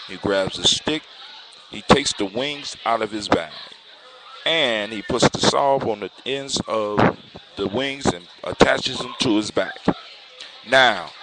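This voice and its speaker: Man telling a fairy tale casually. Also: mid-range voice. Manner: conversational, relaxed, with loose restarts. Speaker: storyteller. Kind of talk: casual oral storytelling. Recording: noisy recording with clicks.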